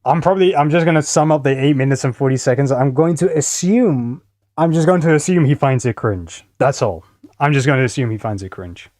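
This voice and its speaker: A man's voice: medium pitch, a little fast, a little mellow, no echo, studio quality. A male streamer casually reacting to videos, laughing and swearing.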